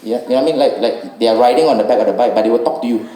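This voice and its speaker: A man's voice: medium pitch, rapid-fire, warm tone, reverberant, poor audio. A man with a Singaporean English accent doing stand-up storytelling, loose and rambling with lots of "you know" tags. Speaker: stand-up comedian.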